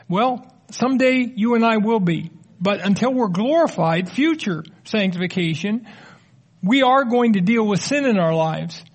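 A middle-aged man with a fairly high voice leads a teaching sermon. He explains in a loose, conversational manner, slipping in light jokes while taking questions from the audience. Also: lively intonation, moderate pace. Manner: conversational, explanatory, joking asides. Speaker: preacher.

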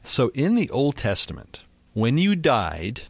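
A man's voice: mid-range voice, huge pitch swings, a little slow, vocal fry, husky, no echo. A man hosting a Bible discussion, reading verses aloud and asking leading questions. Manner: reads verses, then asks leading questions. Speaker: host.

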